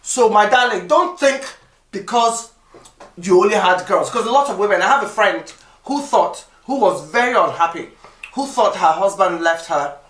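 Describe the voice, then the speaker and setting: A woman, a podcast guest telling stories in lively, emphatic casual chat. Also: mid-range voice, normal speed, far from the mic, a little hiss or hum. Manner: animated, lively storytelling with emphatic repetition. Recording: echoey room.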